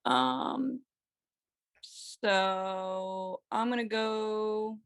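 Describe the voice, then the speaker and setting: A woman's voice: mid-range voice, steady tone, extremely slow, smooth. A woman playing a tabletop game, chatting casually with many fillers. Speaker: player.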